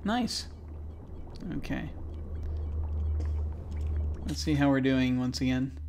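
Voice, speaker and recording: A man casually talking through a video game, with low-key, mumbled asides. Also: expressive, slow, darkish tone, a little hiss or hum. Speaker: gameplay commentator. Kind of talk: casual let's play commentary.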